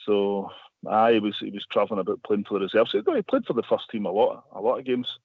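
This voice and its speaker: Low-voiced man on a phone line. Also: lively intonation, quick pace, slightly rough, dry recording. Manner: rambling, with many restarts. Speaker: guest. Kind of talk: storytelling in a radio interview.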